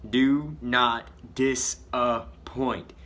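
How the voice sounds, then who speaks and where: A man voicing a solemn old bearded man in a robe, delivering slow, grave pronouncements. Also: mid-range voice, steady tone, fairly bright tone, voice pushed up.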